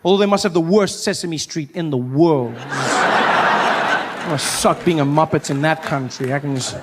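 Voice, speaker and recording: A man's voice: on the high side, unhurried, heavy background noise. A man doing stand-up comedy on stage, telling stories animatedly and jumping into voices. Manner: animated, jumps into voices and accents. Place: comedy stage before an audience.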